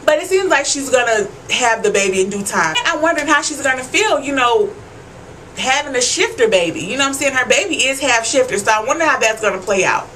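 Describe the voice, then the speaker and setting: A woman's voice: high voice, animated, quick pace, fairly bright tone, a little hiss or hum. A young woman giving a casual, profane episode recap, talking straight to her viewers and often asking "you know what I'm saying". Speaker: TV recap vlogger.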